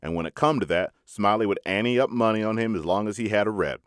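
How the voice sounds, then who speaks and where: A man reading a short story aloud in an unhurried, folksy storytelling manner. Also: on the low side, dry recording, clean studio sound. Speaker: audiobook reader.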